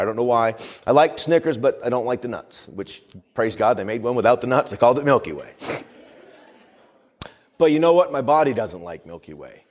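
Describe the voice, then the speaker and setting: A male pastor preaching a sermon with fervent emphasis. He reads scripture slowly and solemnly, breaks into folksy humorous asides, and keeps asking the congregation "Amen?". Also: mid-range voice. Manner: reads scripture aloud in a slow, solemn cadence.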